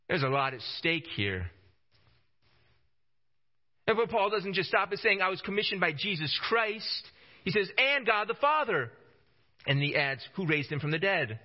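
A man preaching a sermon with emphasis, often repeating phrases to drive his points home. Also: high-pitched. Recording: dull lo-fi recording.

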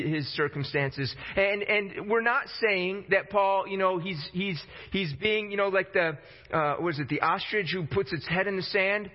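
A man with a high voice preaches a sermon in a relaxed, talky way and slips into casual voices for quotes. His voice rings in a long hall echo, and the recording sounds dull and lo-fi.

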